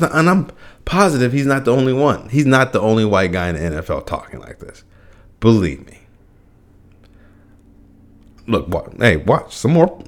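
A young man hosting a solo podcast, ranting with profanity, frequent restarts and bursts of laughter. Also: mid-range voice. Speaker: podcast host.

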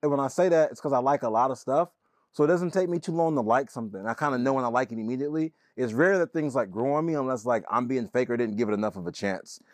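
A man co-hosting a podcast in casual chat, animated, his voice jumping up when he argues, laughing often. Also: medium pitch, fast, dry recording. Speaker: podcast co-host.

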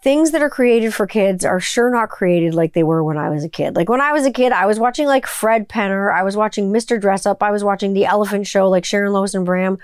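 A woman's voice: medium pitch, fairly quick, hardly any pauses, smooth, no echo, clean studio sound. A woman in her forties, chatting casually as a podcast host, rambling through stories and swearing freely. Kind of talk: casual chat.

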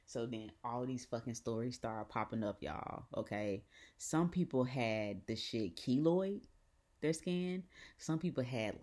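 A woman with a Southern US accent, hosting a podcast and telling a personal story in a profane, animated way with repeated phrases. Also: extremely low pitch, a little slow. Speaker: podcast host. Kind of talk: casual storytelling.

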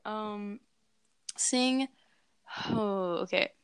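A woman's voice: medium pitch, drawn-out words. A young woman co-hosting a casual comedy podcast who jokes, giggles and sings loose, off-key snatches of songs. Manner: giggly, self-deprecating, sings loosely from lyrics. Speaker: podcast co-host.

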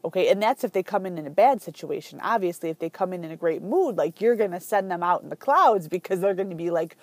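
A woman hosting a podcast, telling a story in a chatty, animated way with lots of fillers. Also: on the low side, fast, no room sound. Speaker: podcast host. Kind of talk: casual podcast monologue.

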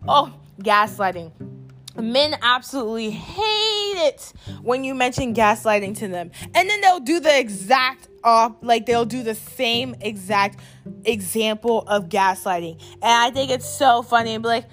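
A woman's voice: on the high side, lively intonation, a little slow, a bit bright, faint music behind. A young woman vlogging a blunt, exasperated opinion rant, swearing freely and repeating her points for emphasis. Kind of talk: candid opinion rant to camera.

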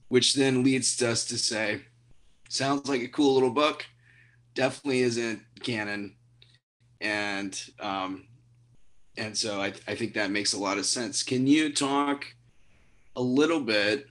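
A man hosting a podcast interview, with a lowish voice. He talks in a conversational, halting way, trailing into fillers as he thinks. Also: a bit bright. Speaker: podcast host.

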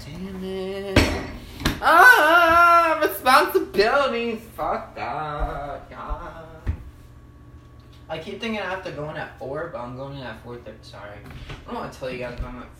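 A young man hosting a podcast from home, rambling casually and cursing, with sudden loud outbursts. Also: a little high, moderate pace. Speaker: podcast host. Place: at home, in his room and kitchen. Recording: echoey room with background noise.

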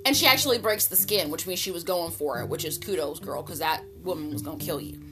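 A woman casually recapping a soap opera episode in an animated, gossipy way, using slang and an occasional swear word. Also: quick pace. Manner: jumps to high, loud pitch for excited retellings. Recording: music playing clearly behind the voice.

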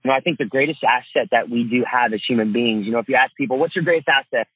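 A man's voice: medium pitch, fast talker, slightly rough, no echo, muffled recording. A middle-aged man, a father and coach, talking earnestly in a casual interview, with lots of fillers. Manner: earnest, heartfelt, many fillers like "you know" and "man".

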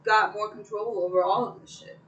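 A woman's voice: mid-range voice, steady tone, a little fast, fairly bright tone, lo-fi sound. Opinionated woman rambling in casual chat.

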